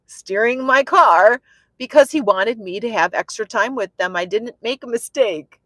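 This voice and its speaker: A woman minister preaching through a personal story, chatty and repetitive, swinging from soft musing to loud, excited exclamation. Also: on the high side, moderate pace, no room sound. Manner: repeats phrases for emphasis. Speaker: prophetic minister.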